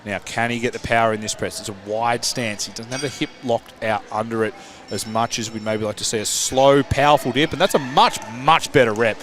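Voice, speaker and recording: Aussie guy doing live commentary, chatty and analytical, average pitch, jokes at himself. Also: fairly quick, fairly bright tone. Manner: chatty, analytical, self-mocking.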